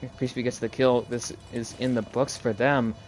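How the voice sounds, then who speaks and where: A man's voice: mid-range voice, flat delivery, normal speed, faint music behind. A man giving live play-by-play commentary on an esports match, talking casually and rambling, chatting with viewers between plays. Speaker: solo esports caster.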